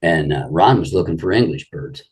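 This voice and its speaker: A man's voice: low-pitched, lively intonation, normal speed, husky. An older man, a guest, telling rambling anecdotes in a casual interview and saying "you know" often.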